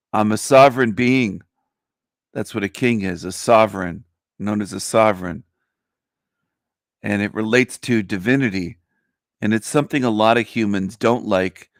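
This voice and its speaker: A man with a low, gravelly voice talks on his livestream, boastful and mocking, dragging out his words for emphasis. His voice is still groggy from a nap. The sound is close and dry. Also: dry recording. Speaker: livestream host. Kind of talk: casual livestream rant.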